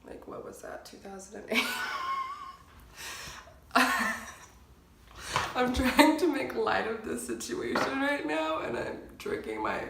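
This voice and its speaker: A woman's voice: fairly high pitch, wildly swooping pitch, takes it slowly, gravelly, long pauses. Woman vlogger, casual chat, self-mocking with nervous laughter; echoey room, noisy background. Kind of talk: casual vlog chat to camera.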